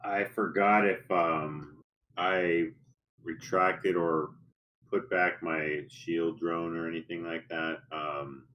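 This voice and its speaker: A man playing a tabletop role-playing game, talking in a halting way with many fillers and restarts. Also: low-pitched, fairly even intonation, pushed and bright, slight background noise. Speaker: player.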